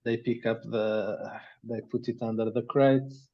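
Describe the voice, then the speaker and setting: Slow, halting game master. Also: male voice, medium pitch, fairly even intonation, creaky, lo-fi sound. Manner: halting, many restarts and fillers. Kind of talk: narrating a tabletop game over a call.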